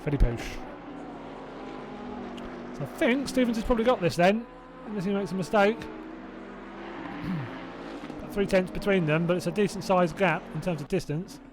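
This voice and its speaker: He has a high-pitched voice, a moderate pace, and frequent pauses, with noise in the background. This southern English man from Hertfordshire commentates a sim race live, chatting and rambling with viewers between calls, voicing self-doubt and laughing to himself.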